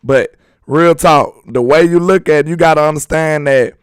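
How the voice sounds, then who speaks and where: A man's voice: fairly high pitch, moderate pace, faint music behind. Slangy fired-up sports talk host man. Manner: slangy, emphatic, talks straight to viewers. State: voice strained and a little hoarse. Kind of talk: casual sports commentary, reading chat.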